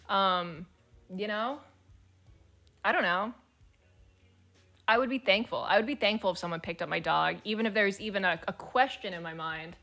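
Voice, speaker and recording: A woman's voice: on the low side, moderate pace, long pauses, fairly bright tone, faint music behind. A woman streamer chatting casually and reading forum posts aloud, blunt, swearing freely and laughing as she talks.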